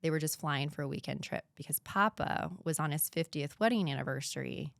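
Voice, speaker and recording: Low-voiced woman telling a raw story. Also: a little fast, gravelly, dry recording, clean studio sound. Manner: earnest, with dips to a hushed whisper. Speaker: guest. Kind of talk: emotional personal storytelling.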